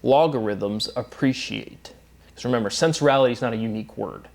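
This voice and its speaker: A man's voice: mid-range voice, fairly quick, vocal fry. A man giving an unscripted solo lecture, repeating his definitions with emphatic phrasing, often breaking in with "um" and "right?". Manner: repetitive, emphatic, circling through definitions; filler-heavy with frequent "right?" and "um".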